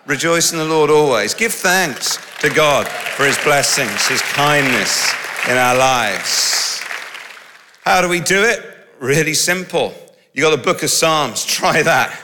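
A middle-aged man preaching a sermon in a lively, conversational way with humorous asides. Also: a little high, slow pace, a crowd in the background, noisy background. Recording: long reverb of a large hall.

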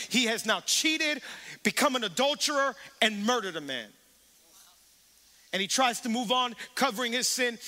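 A man pastor preaching a sermon, animated, calling on the congregation to respond. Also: very high-pitched. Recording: reverberant church hall.

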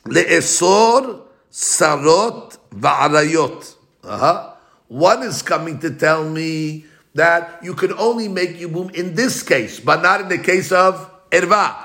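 Male Talmud teacher, bright and forceful tone, animated back-and-forth argument, chanted quotes. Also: fairly high pitch. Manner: animated, argues both sides in a quick back-and-forth; slows to chant Hebrew and Aramaic quotes. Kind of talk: Talmud lesson.

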